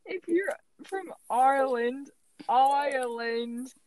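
A woman's voice: a little high, big pitch swings, moderate pace, vocal fry, poor audio. A young woman from Canada co-hosting a podcast, chatting casually and often breaking into laughter. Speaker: podcast co-host. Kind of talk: casual chat.

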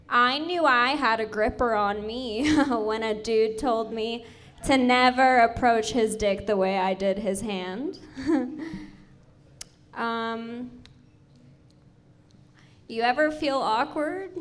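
A woman doing a stand-up set of dry one-liners on a comedy club stage, deadpan. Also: a little high. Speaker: first-time stand-up comedian.

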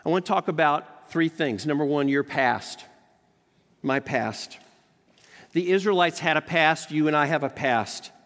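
An American man, a professor, giving a lively chapel sermon full of personal stories. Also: measured pace. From United States. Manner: animated storyteller, jumps up in pitch when excited. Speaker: professor preaching at a college chapel. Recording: long hall reverb.

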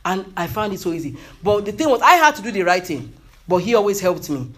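A man's voice: sits high, expressive, fast, a bit bright. A man preaching a motivational sermon with emphasis, repeating key phrases and calling out hallelujah.

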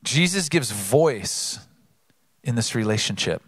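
Guy preaching a sermon, bright forceful tone, dry close sound, earnest, rises up then drops low. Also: slow pace, slightly rough, no room sound. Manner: animated storyteller. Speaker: pastor.

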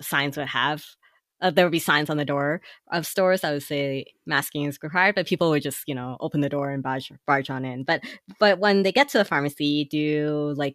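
A woman's voice: sits low, fairly bright tone, no room sound, studio quality. A woman chatting casually on a podcast, asking questions and joking. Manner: asks questions, jokes, laughs.

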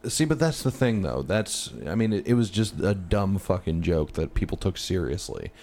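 Brief: low-pitched male co-host, animated swings in pitch, crude and giggly banter. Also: moderate pace, a little hiss or hum. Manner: profane, laughs often, swings his pitch animatedly. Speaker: podcast co-host. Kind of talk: casual comedic chat.

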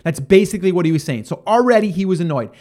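A man hosting a podcast, talking in a high-pitched voice as he tells a story off the cuff. He is animated, acting out both sides of conversations and often restarting his sentences. The delivery is loose and conversational, with plenty of fillers. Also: very fast. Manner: animated, acts out quoted exchanges. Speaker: podcast host. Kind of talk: casual storytelling monologue.

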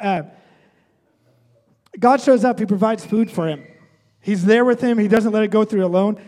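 High-voiced pastor preaching in a reverberant hall. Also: male voice, darkish tone. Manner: conversational, often adds "right?". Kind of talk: sermon.

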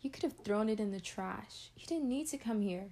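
A woman's voice: mid-range voice, animated, normal speed, mellow. A woman playing a furious young woman confronting the man who hurt her, in a drama rehearsal. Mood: guarded. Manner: angry, accusing.

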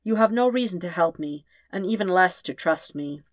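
Lady doing a tired old man, quiet and formal, lowish voice, dry close sound, audiobook reading. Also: expressive, normal speed, dry recording, natural voice. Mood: grave. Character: gentle weary old man, soft-spoken and formal.

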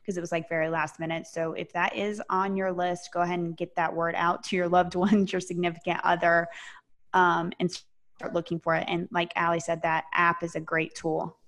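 A woman co-hosting a podcast, her voice a little lower than most women's. She gives friendly, practical advice in an easy, conversational way. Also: flat delivery, moderate pace, fairly bright tone. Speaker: podcast co-host. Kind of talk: casual chat.

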